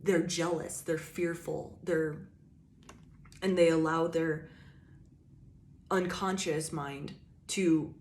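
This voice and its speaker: A woman with a low voice doing a casual tarot reading. She talks straight to the listener, emphatic and profane, and rambles with plenty of "like" and "you know.". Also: steady tone, takes it slowly, long pauses, a little mellow, a little hiss or hum. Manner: emphatic, swears freely, addresses the viewer directly; loose rambling talk with frequent "like" and "you know". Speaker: tarot reader.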